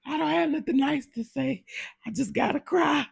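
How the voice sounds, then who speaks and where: A man voicing an old woman who is overcome and crying helplessly, in a high wailing falsetto. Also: moderate pace, vocal fry, exaggerated voice. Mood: tearful.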